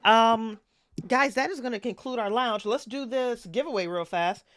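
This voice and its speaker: A woman's voice: fairly high pitch, moderate pace, dry recording. A woman hosting a live stream, chatting casually and laughing often. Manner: bubbly, laughs often, talks to her dog. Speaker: stream host.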